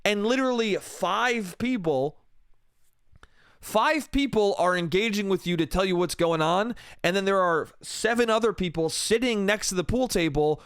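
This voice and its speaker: A man hosting a comedy podcast, telling a story in an animated, heavily profane rant. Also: high voice, moderate pace, smooth, no room sound, clean studio sound. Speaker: podcast host.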